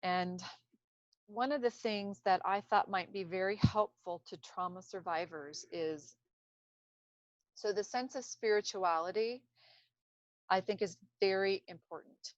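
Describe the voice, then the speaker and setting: A woman's voice: medium pitch, measured pace, dry recording. A woman speaking unscripted about healing, rambling and searching for words as she goes. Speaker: speaker on trauma recovery. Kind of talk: casual unscripted talk to camera. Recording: dull lo-fi self-recording.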